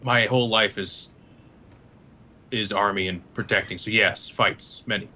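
A man's voice: fairly low pitch, steady tone, unhurried, sharp tone, full character voice. Man playing a terse cyborg soldier. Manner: clipped, formal speech. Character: battle-hardened male cyborg soldier, terse and stiff.

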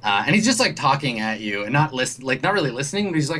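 A man's voice: mid-range voice, sing-song, fast talker, bright, forceful tone. A man narrating as game master in a rambling, filler-heavy way.

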